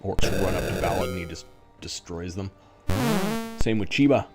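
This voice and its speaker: Playful low-voiced man streaming a game. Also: normal speed, loud music behind the voice. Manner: playful, muttering asides to himself, sometimes hushed. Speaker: streamer playing a retro computer role-playing game. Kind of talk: live game commentary. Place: home streaming setup.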